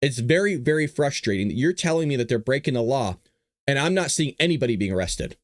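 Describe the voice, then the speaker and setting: A man hosting a show, giving sarcastic opinion commentary in an animated way. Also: medium pitch, fast talker, no room sound, clean studio sound. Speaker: show host.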